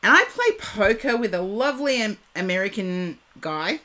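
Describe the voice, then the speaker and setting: A woman's voice: mid-range voice, lively intonation, bright, forceful tone. An Australian woman in her fifties, a psychic chatting casually with viewers on a live stream, rambling and digressive. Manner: chatty and digressive, drawn-out words.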